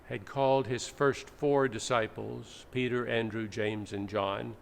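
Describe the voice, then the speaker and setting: A man's voice: medium pitch, fairly even intonation, measured pace, gravelly. A male pastor preaching a sermon in a teacherly, explaining way, in a church. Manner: explanatory, teacherly, with dramatic readings. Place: church sanctuary. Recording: echoey church, faint background noise.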